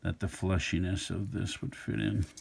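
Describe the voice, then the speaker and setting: A middle-aged man with a low voice teaches a drawing lesson, musing aloud as he sketches. His tone is easygoing and unhurried, and his voice has a gravelly rasp. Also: fairly even intonation, very noisy. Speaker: art instructor. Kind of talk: relaxed drawing tutorial narration.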